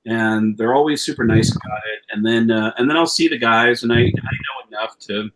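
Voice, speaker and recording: A man in his forties tells stories on a podcast. His voice sits at an ordinary male pitch, and he talks in a lively, loose way with the odd swear word. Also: fairly quick, noisy background. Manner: lively anecdotal storyteller, casual swearing. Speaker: stand-up comedian guest. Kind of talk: casual podcast storytelling.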